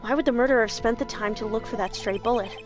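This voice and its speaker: A woman voicing a stern older male judge in a game read-aloud, formal and deliberate. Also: on the high side, over music, natural voice. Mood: puzzled.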